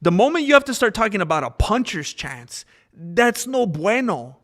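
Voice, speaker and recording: Brief: a man ranting on a live stream, argumentative and animated, higher-pitched voice with a lot of swing. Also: moderate pace. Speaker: streamer and fight commentator. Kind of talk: casual live-stream commentary.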